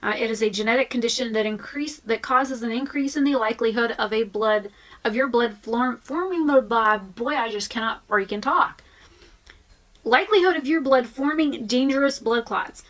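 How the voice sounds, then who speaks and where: A woman's voice: a little high, normal speed, a bit bright, poor audio. A woman vlogging in a frank, chatty way, with fillers and restarts. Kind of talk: candid casual talk to camera.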